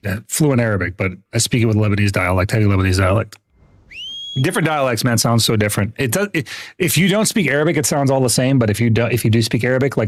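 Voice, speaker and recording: Man, young adult, mid pitch, casual gaming livestream chat, rambling, chatty, quick to laugh. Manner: rambling, full of "like" and restarts; laughs easily, chatty with viewers.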